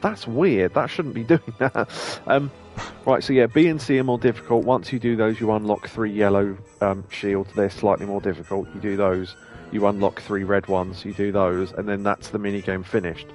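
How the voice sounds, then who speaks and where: A man's voice: on the low side, steady tone, moderate pace, hardly any pauses, a little mellow, faint music behind. Chatty man streaming a game. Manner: chatty, rambling, laughs often, occasionally swears. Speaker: streamer host. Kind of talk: let's play commentary.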